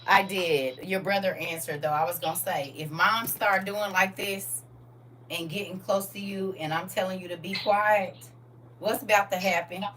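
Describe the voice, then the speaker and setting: A woman's voice: on the low side, fairly even intonation, moderate pace, fairly bright tone. Blunt middle-aged woman on a live stream. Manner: blunt, storytelling, scolding. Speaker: TikTok live host. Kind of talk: casual live-stream talk. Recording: distant from mic with faint noise.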